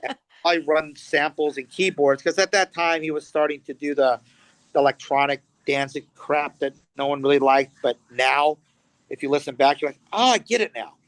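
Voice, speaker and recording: Animated middle-aged male storyteller, dry sound. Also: on the high side, normal speed, no echo. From Los Angeles, USA. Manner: animated storyteller, acts out quotes, swears freely. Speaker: guest musician. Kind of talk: casual storytelling interview.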